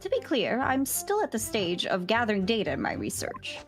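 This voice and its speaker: A self-assured male scientist, as a woman voices him for a game dub, lecturing in measured, careful sentences. His pitch rises and falls in a lively way, and soft music plays behind him. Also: creaky. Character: precise, confident male scientist professor.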